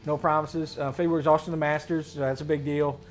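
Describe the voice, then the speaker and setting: A man hosting a casual tabletop gaming chat, slangy and rambling, getting excited as he talks. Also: on the high side, quick pace, faint music behind. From Mid-Atlantic United States. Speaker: host.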